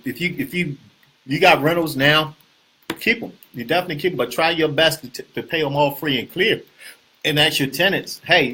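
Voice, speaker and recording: A man hosting a casual real estate talk, animated and preachy, often repeating himself and asking the viewers questions. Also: medium pitch, slight background noise. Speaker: host.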